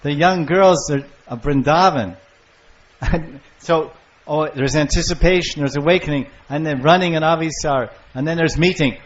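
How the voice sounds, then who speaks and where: An older man giving a devotional lecture on scripture, storytelling with lively acted-out voices. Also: on the high side, moderate pace. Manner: animated storyteller, acting out lovers' calls. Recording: muffled lo-fi lecture recording.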